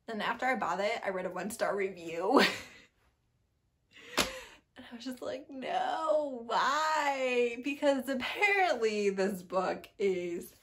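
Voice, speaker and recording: A woman book vlogger in casual chat, rambling and chatty with lots of asides and emphatic bursts. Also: medium pitch.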